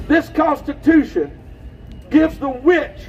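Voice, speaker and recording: High-pitched man shouting a rally speech. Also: distant mic, highs cut off, slight background noise. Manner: impassioned, preacher-like shouting. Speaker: rally speaker. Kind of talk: outdoor political rally speech. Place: outdoors at a rally.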